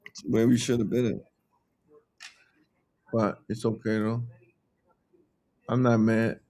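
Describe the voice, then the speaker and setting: A man coaching day trading as he trades live, talking in a chatty, animated way and speaking to the market out loud. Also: lowish voice, slow pace, no room sound.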